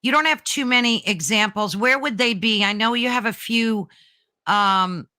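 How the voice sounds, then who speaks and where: A woman's voice: fairly high pitch, normal speed, sharp tone. A woman hosting a podcast interview over a video call, asking questions in an enthusiastic, encouraging way. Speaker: podcast host.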